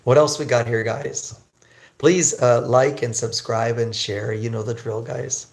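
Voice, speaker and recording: A man teaching English on a livestream, chatting with viewers and slowly drilling pronunciation. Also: mid-range voice, steady tone, gravelly. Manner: slow, drawn-out pronunciation drills.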